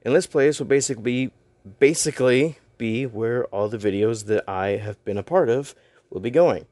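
A man's voice: medium pitch, normal speed, darkish tone, dry recording. A young man casually talking to camera in a vlog, rambling a little and tripping over his own words. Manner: rambling, self-deprecating, stumbles over words. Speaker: YouTuber and voice actor.

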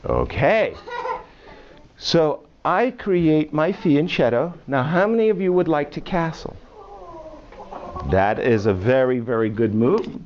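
A man's voice: fairly high pitch, big pitch swings, takes it slowly. A man teaching chess to a class of children, playfully quizzing them with questions. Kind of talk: classroom lesson. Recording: muffled classroom video with faint hiss.

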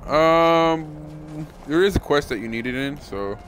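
Slow-talking male game streamer. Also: fairly high pitch. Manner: laid-back, reacting aloud, casual swearing. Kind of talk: casual live gaming commentary.

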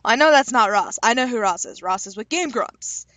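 Young woman, slightly high voice, joking casual vlogger, close dry mic. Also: expressive, a bit bright, no echo. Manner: chatty, self-deprecating, reads questions aloud and answers with quick jokes. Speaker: YouTuber taking online quizzes. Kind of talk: casual vlog commentary.

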